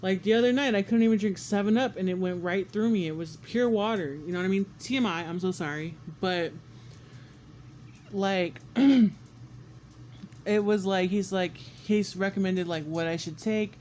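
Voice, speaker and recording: High-voiced man, animated and sick. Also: normal speed, slight background noise. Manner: animated, swears often, acts out quotes with squeals. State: congested and sick. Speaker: vlogger. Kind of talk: casual storytelling to camera.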